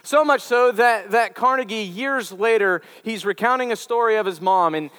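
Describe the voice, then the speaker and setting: A man's voice: high voice, moderate pace, fairly bright tone, clean tone, in a large hall. A man preaching a conversational sermon to college students, telling stories with chatty asides and repeated words. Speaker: campus ministry preacher.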